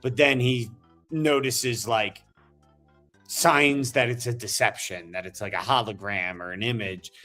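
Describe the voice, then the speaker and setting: A man's voice: mid-range voice, measured pace, bright, forceful tone, soft background music. A man hosting a casual miniature-painting chat, rambling enthusiastically as he tells stories. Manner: chatty, rambling, enthusiastic storyteller.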